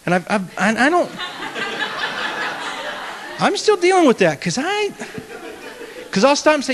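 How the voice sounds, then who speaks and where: A man speaking as a pastor in an earnest conversational teaching talk, with animated self-mocking humor. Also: very high-pitched, unhurried, pauses often, a crowd in the background. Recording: long hall reverb.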